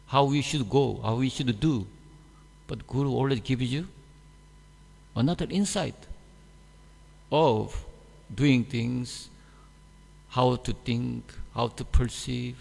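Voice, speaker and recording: A man giving a scripture class in halting, simple non-native English, turning animated when he mimics others. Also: medium pitch, vocal fry. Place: temple hall. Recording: echoey hall.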